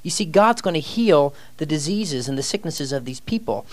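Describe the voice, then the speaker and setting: A man's voice: a little high, lively intonation, normal speed, dry recording. Man reading scripture with dramatic lifts. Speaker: ministry teacher. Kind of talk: preaching-style teaching.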